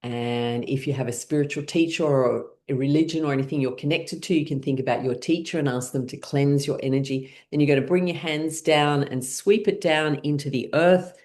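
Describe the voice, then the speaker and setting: A middle-aged woman leading a laughter yoga class, calmly and playfully guiding the group. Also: low voice, fairly quick, hardly any pauses. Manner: calm, gently guiding, playful. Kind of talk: guided class instruction.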